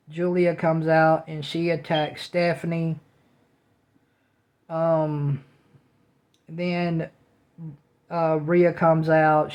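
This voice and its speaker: A man's voice: a little high, a little mellow, rough recording. A man giving a casual spoken recap as a reviewer, repeating his praise over and over. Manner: repetitive, restating praise over and over. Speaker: wrestling show reviewer.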